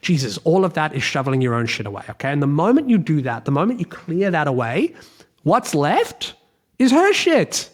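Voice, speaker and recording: A man's voice: a little high, sing-song, brisk. An Australian man hosting a solo podcast, talking bluntly and emphatically, swearing freely and repeating his key points. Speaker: podcast host, relationship coach.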